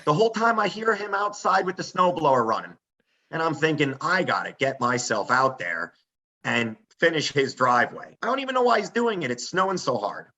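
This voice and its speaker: A man telling a story in a casual, animated way on a front porch, as a podcast guest. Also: a little high, a little fast. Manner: animated, acts out quoted voices.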